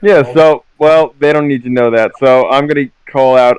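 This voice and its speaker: A man chats casually as a player at a tabletop game, correcting himself. His voice is smooth and resonant. The sound is close and dry. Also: mid-range voice, fairly even intonation, normal speed, hardly any pauses, darkish tone, dry recording, poor audio. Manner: laughing, self-correcting.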